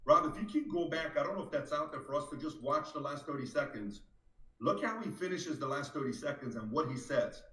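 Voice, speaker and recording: A man hosts a live political stream, pressing his points hard and repeating them. His voice sits a little high. He sounds set back from the mic in an echoey room. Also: lively intonation, a little fast, bright, forceful tone, far from the mic. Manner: emphatic, insistent, repeats for emphasis. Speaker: host of a live reaction stream.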